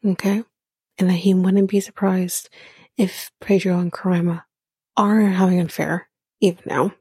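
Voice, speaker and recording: Gravelly-voiced woman in casual chat. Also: on the low side, level tone, moderate pace, warm tone, no echo, studio quality. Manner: profane, chatty, laughs at own jokes. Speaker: podcast host recapping a reality show.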